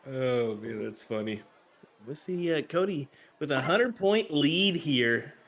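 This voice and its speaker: Male darts co-commentator, Kansas accent, relaxed and steady. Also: on the high side, slow pace. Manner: easygoing, steady, with filler words. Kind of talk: live sports commentary.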